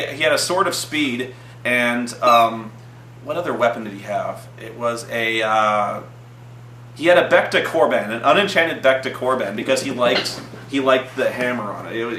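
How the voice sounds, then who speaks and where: A man recounts an old tabletop game in an animated, profane way, jumping up in pitch whenever he acts out a line. His voice is bright and forceful. He sits in an echoey room with a faint hum behind him. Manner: profane, excitable, acts out quotes in a raised voice. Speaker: host telling a tabletop game story. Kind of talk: animated storytelling.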